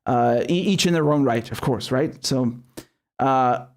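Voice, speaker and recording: A man's voice: mid-range voice, a little slow. A man hosting a live stream, commenting bluntly with heavy swearing and many restarts, then reading viewer chats. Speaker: show host.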